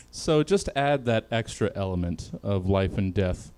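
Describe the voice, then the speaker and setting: Laughing comedy host with lively pitch. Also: male voice, slow pace, slight background noise. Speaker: comedy panel show host. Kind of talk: loose comedic hosting.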